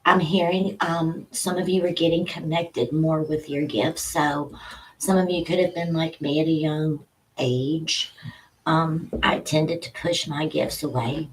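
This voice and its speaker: A woman's voice: deep voice, steady tone, measured pace, low-quality recording. A woman giving a spiritual tarot reading to a camera at home, chatting loosely and stopping to talk to her dogs. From Louisiana. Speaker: tarot reader and psychic. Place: home room with dogs nearby.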